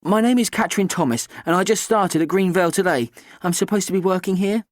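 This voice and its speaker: A man's voice: sits high, a little fast, dry recording, studio quality, voice pushed up, lightly acted. A man voicing a bold, cheeky teenage schoolgirl with a breezy, teasing manner.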